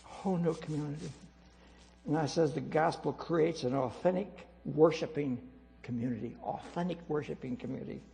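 Gravelly-voiced preacher in a reverberant hall. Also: male voice, a little high, normal speed. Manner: emphatic, repeats words, swings between loud and quiet. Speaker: pastor. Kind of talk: sermon. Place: church sanctuary. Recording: reverberant hall with mains hum.

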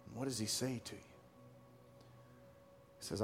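A male pastor preaching a sermon and then praying at a church service, swinging between near-whispers and loud shouted questions. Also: mid-range voice, moderate pace, pauses often, soft background music.

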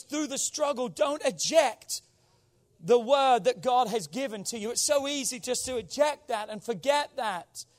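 A man preaching a sermon as pastor, with call-and-response that swings between loud exhortation and quiet intensity. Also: very high-pitched.

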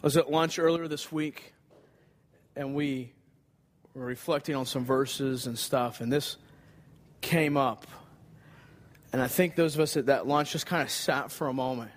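A man's voice: mid-range voice, unhurried, long pauses. A man preaching a sermon, earnest and emphatic, repeating key phrases for weight. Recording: long hall reverb.

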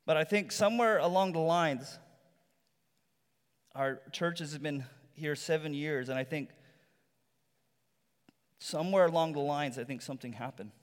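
A male pastor giving a sermon in a relaxed, conversational storytelling manner, with rhetorical asides to the congregation. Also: fairly high pitch, a little slow, pauses often. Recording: long reverb from a large hall.

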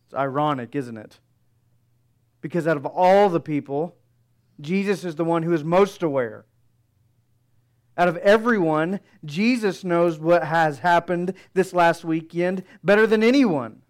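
A male preacher delivers an expository sermon in a measured, reflective manner, often pausing on rhetorical questions. His voice is smooth and resonant and sits a little high for a man.

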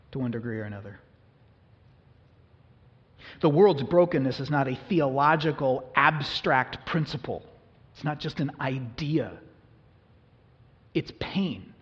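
A man preaching a sermon as a pastor, earnest and emphatic, his voice rising suddenly to loud peaks. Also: mid-range voice. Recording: muffled, reverberant hall recording.

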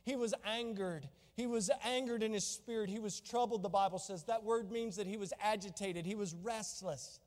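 A man pastor preaching a fervent sermon in a church, swinging from soft to loud, reading scripture in old-fashioned wording. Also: sits high, moderate pace, few pauses, big-room sound.

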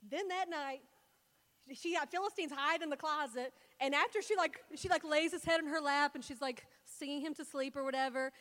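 Chatty high-voiced woman preaching. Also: brisk, a bit bright. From Louisiana. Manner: chatty, storytelling, heavy with fillers. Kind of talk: casual Bible talk. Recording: long hall reverb.

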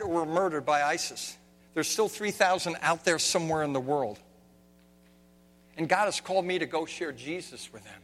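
A man preaching a sermon, swinging from hushed, quiet lines to loud, shouted ones. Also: high voice. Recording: long reverb of a hall, faint hum.

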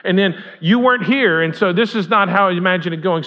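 A man's voice: high voice, a little fast, hardly any pauses, pushed and bright. A man preaching as pastor in a conversational way, asking the congregation questions as he retells a story. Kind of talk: sermon. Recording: dull lo-fi sound.

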